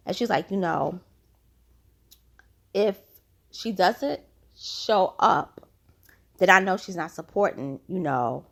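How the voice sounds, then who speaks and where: A woman's voice: on the low side, vocal fry. A woman casually recapping a reality TV episode, retelling scenes through quoted lines and chatty personal asides.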